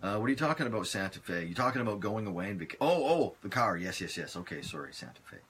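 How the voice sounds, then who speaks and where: A man hosting a casual live stream from his phone, chatting in a relaxed, rambling way as he answers viewer comments. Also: on the low side, quick pace, husky.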